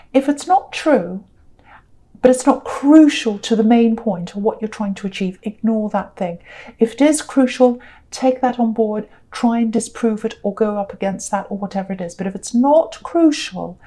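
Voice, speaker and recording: A woman's voice: fairly high pitch, warm tone. A woman giving a tarot reading, earnest and direct, repeating herself for emphasis. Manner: gives direct advice. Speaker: tarot reader.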